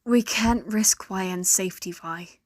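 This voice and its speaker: A woman voicing a caring young woman who speaks softly and worriedly, turning firm when needed. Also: medium pitch, unhurried, dry recording, clean studio sound, lightly acted.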